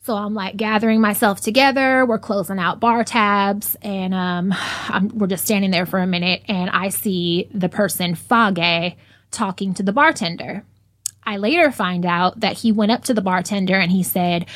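A woman telling a personal story in casual conversation, blunt and profane, growing animated as she relives it. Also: mid-range voice, moderate pace, no echo, studio quality.

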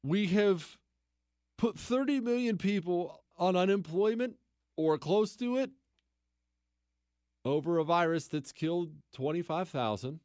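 A man's voice: sits high, lively intonation, measured pace, long pauses, darkish tone, no room sound, studio quality. A man hosting a talk radio show, delivering a sarcastic political commentary monologue with mocking repetition and incredulous outbursts.

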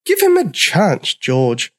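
A man voicing a kind, motherly female dinosaur with a gentle manner in a storybook reading. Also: extremely high pitch, huge pitch swings, takes it slowly, pitched above the performer's own voice, full character voice. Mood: kindly. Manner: gentle, kindly. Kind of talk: storybook character voice.

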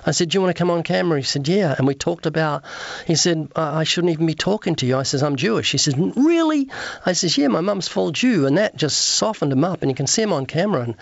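An evangelist and author, speaking with a rather high, rapid-fire voice, recounts his street conversations in an interview, acting out the dialogue as he goes. He sounds earnest and repeats words. The recording has no room sound and its highs are cut off.

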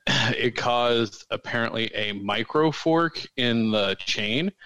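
A man's voice: lowish voice, a bit bright, no room sound, rough recording. A man co-hosting a podcast, chatting casually and rambling with jokes and many fillers. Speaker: podcast co-host. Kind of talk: casual chat.

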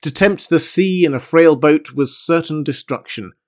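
A man reads a classic adventure novel aloud at a measured pace. He is formal and even throughout the narration. His voice sits a little above the usual male range. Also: a little high. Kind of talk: audiobook reading of a classic novel.

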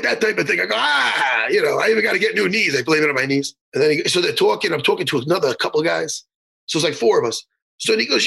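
A man's voice: high voice, lively intonation, fast talker, vocal fry, sharp tone, slightly rough. A middle-aged man telling a profane, rambling story in casual chat, stammering through restarts and bursting into laughter.

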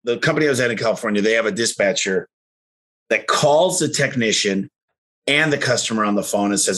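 A man's voice: lowish voice, fairly bright tone. A man who owns a garage door company, talking casually and eagerly in an interview, telling stories with lots of asides. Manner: enthusiastic storyteller, quick asides.

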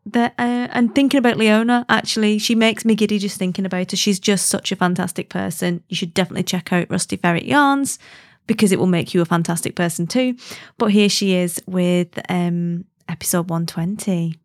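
A woman's voice: medium pitch, brisk. A woman hosting a podcast in casual chat, bubbly and gushing, laughing often. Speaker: podcast host.

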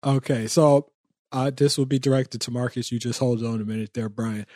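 A man's voice: medium pitch, steady tone, moderate pace, warm tone, no echo, clean studio sound. Slangy, teasing podcast host man. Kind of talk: casual chat.

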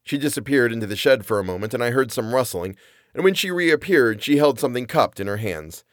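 A man tells a first-person comic story in a wry, rambling, self-deprecating way. His pitch moves a lot as he talks. The recording is close and dry. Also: lively intonation, brisk, fairly bright tone, no room sound. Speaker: narrator. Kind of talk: first-person comedic audio fiction narration.

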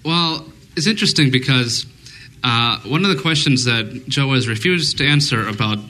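A man's voice: medium pitch, normal speed, pushed and bright, low-quality recording. A man co-hosting a casual fan discussion before a live audience, rambling and thinking aloud with many fillers. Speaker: podcast co-host.

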